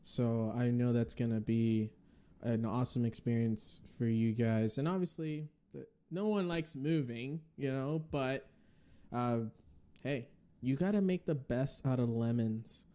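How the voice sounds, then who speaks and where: A man's voice: medium pitch, a little slow, warm tone. A man from the Northeastern US hosting a podcast, talking in an enthusiastic, casual way with many fillers and closing with a blessing. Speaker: podcast host. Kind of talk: casual interview chat.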